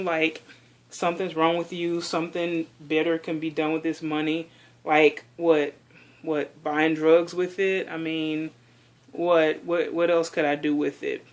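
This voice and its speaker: A woman venting in a casual vlog monologue, chatty and exasperated, saying "like" a lot. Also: deep voice. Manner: chatty and exasperated, heavy use of "like". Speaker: doll collector vlogger.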